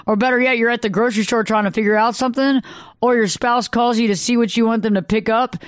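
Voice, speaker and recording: A woman, a couples therapist, talking casually and acting out quoted arguments in sudden high bursts. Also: steady tone, quick pace, no echo, clean studio sound. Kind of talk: casual solo monologue.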